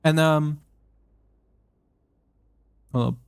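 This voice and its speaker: A man's voice: a little high, steady tone, very slow, creaky, smooth, no echo, studio quality. A young man talking casually while he plays a game, rambling with lots of swearing, fillers and restarts. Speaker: gamer commenting while playing. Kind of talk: casual gaming commentary. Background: faint game music.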